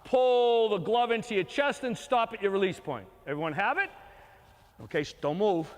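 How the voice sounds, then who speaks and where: A man's voice: sits high, normal speed. An older man coaching young kids through a throwing drill, giving short, encouraging repeated commands. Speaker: youth baseball coach. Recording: long reverb from a hall.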